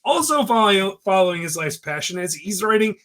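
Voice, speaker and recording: A man co-hosting a podcast, chatting casually and telling jokes in an animated way. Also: sits high, brisk. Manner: joking, animated storyteller. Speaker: podcast co-host. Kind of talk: casual chat.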